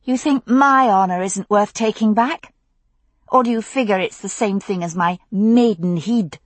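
A woman voicing an angry young woman demanding answers from her father, sharp and raw. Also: fairly high pitch, very animated, normal speed, breathy edge, no room sound, pitched above the performer's own voice. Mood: bitter.

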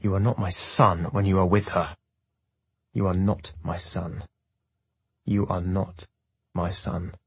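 Man voicing a harsh military father, growls each word slowly through his teeth, husky low voice. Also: little pitch movement, exaggerated voice. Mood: threatening. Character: stern abusive father, commanding officer.

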